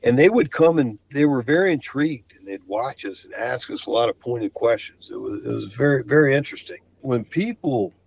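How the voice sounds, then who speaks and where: A man's voice: mid-range voice, lively intonation, a little fast, creaky, hardly any pauses, dull audio, slight background noise. A man talking about his flooring work on a podcast, enthusiastic and full of stammered restarts. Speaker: flooring contractor guest. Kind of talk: casual podcast conversation.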